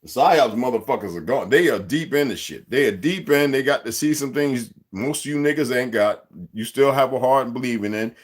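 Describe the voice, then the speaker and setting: A man's voice: mid-range voice, lively intonation, brisk, few pauses. A man in his sixties hosting a livestream, speaking in a rambling, profane, streetwise rant aimed straight at his viewers and chat. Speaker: livestream host.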